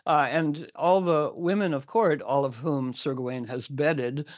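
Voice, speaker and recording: A man's voice: fairly high pitch, a little slow, no room sound, clean studio sound. A man casually retelling an old legend, acting out the characters' lines in between filler words. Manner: animated, acts out quotes with filler words.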